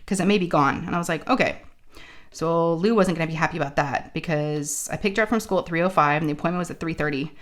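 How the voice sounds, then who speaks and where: Host: chatty woman, lowish voice, sore throat, acts out dialogue. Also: fast. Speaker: crafting channel host. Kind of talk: casual chat storytelling.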